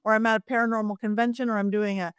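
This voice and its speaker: A woman's voice: on the high side, racing, clean tone, no echo, clean studio sound. A middle-aged woman, a psychic medium guest, telling stories animatedly and acting out the voices in them. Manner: animated, acts out voices in her anecdotes. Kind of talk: lively storytelling interview.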